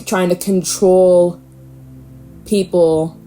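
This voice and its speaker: A woman giving a casual, animated tarot reading, swearing freely and laughing often. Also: fairly low pitch, extremely slow, soft background music. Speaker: tarot reader.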